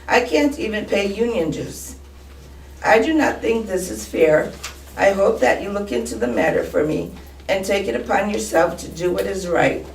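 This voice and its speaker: A woman's voice: mid-range voice, sing-song, normal speed, creaky, echoey room, far from the mic, slight background noise, rough recording. A woman paraprofessional giving a firm, earnest prepared statement at a school board meeting. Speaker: paraprofessional speaking in public comment. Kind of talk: prepared public comment.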